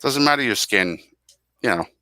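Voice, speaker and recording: A man's voice: mid-range voice, animated, moderate pace, bright, forceful tone, dry recording. A middle-aged man co-hosting a casual music podcast, talking earnestly and drifting into tangents. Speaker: podcast co-host.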